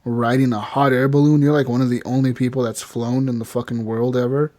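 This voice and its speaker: A man in the middle of casual podcast banter, his voice sitting at an ordinary pitch. He swears freely, laughs often and acts out bits of quoted dialogue as he talks. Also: flat delivery, brisk, mellow, no echo. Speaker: podcast co-host. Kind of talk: casual chat.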